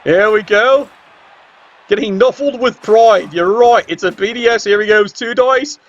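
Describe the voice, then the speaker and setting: A man commentating a game, sarcastic and excitable, swearing often. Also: high-pitched, measured pace, highs cut off. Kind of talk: tabletop video game commentary.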